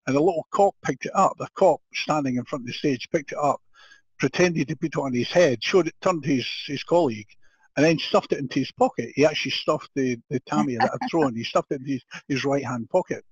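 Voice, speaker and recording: An older Scottish man tells his story with lively energy, laughing often and restarting his sentences. His voice sits a little high and sounds husky. The recording is dry and dull, like lo-fi audio. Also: fairly quick, dry recording. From Scotland. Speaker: guest. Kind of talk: storytelling in a podcast interview.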